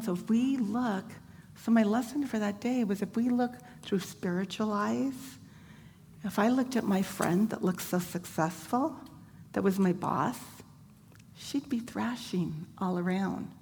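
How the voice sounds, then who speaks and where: A woman's voice: medium pitch, unhurried, gravelly, darkish tone. A woman sharing a personal faith testimony, retelling events vividly and conversationally with casual fillers. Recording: long hall reverb, faint background noise.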